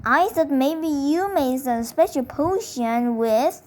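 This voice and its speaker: A woman's voice: high-pitched, lively intonation, slow, darkish tone, slight background noise. A woman voicing an anxious first-grade boy who whines and doubts himself. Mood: doubtful. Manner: whining, doubtful.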